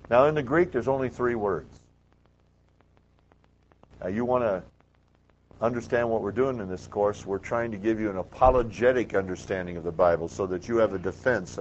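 A man lecturing a class on scripture in a lowish voice, stressing key words and firing questions at his students. The recording is muffled and lo-fi, as if taped in a classroom. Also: slight background noise. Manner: emphatic, asks the class questions. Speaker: Bible teacher.

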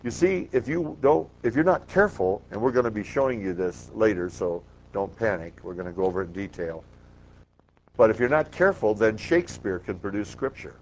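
A man's voice: on the low side, lively intonation, brisk, a little hiss or hum. A man teaching a classroom Bible lecture, emphatic and quizzing the class with questions. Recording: muffled lo-fi classroom recording.

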